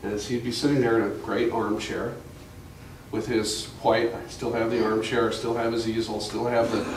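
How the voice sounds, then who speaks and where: On the low side and flatly delivered at normal speed, the older man's voice drifts through family anecdotes at a museum talk, where he's the guest speaker and frequently restarts sentences with fillers. The sound comes from a far-off camera mic in the gallery audience: echoey, distant, faintly hissing.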